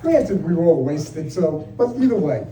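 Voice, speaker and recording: An older man works a comedy club stage with a brash, profane, exasperated delivery. His voice sits high and sounds warm and mellow. It carries through a roomy live room from a mic some way off. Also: big pitch swings, normal speed, far from the mic, slight background noise. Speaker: stand-up comedian. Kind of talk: stand-up comedy set. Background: audience laughter.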